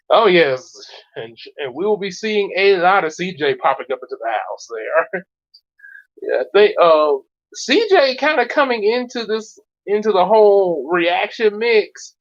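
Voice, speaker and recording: A male host talks in a slow, halting ramble, often backing up to restart his thoughts. The chat is casual and unhurried. The audio is dull and lo-fi. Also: sits high, very animated.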